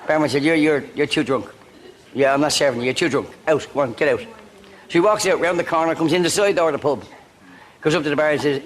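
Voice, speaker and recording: An Irish man telling quick-fire jokes to an audience, cheeky and laughing at his own punchlines. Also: on the high side, fairly bright tone, soft background music. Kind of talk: stand-up joke telling. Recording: noisy audience recording with laughter.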